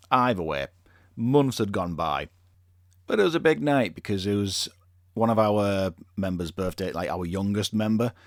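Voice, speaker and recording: A man talks casually on his podcast, wandering through his stories with lots of fillers and the odd curse. His voice sits very low. The recording is dry and close, with no room sound. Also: dry recording. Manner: rambling and laid-back, full of fillers and swearing. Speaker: podcast host. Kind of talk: casual chat.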